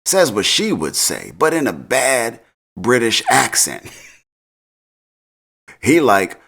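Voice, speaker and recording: A man's voice: mid-range voice, huge pitch swings, slow, gravelly, pauses often, bright, forceful tone. A man casually recapping a TV episode in slang, laughing often. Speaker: TV recap host.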